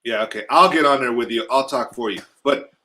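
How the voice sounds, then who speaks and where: A man's voice: mid-range voice, brisk, bright, forceful tone, low-quality recording. A man co-hosting a casual livestream chat, telling loose, joking stories. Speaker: livestream co-host.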